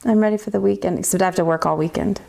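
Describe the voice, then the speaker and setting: A woman's voice: mid-range voice, very fast, creaky, darkish tone. A middle-aged woman from the United States, a metalsmithing teacher chatting casually with viewers while teaching, laughing often and sounding tired. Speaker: livestream host, metalsmithing teacher.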